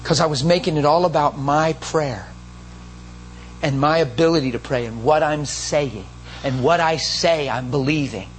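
A man's voice: fairly high pitch, normal speed, a little hiss or hum, rough recording. A man preaching a sermon in an emotional, emphatic storytelling manner. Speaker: pastor.

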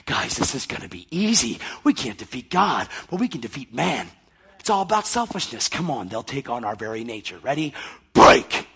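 A preacher voicing a scheming male Satan who huddles his demons and talks in a hushed, conspiratorial way. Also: medium pitch, big pitch swings, fairly quick, husky, full character voice.

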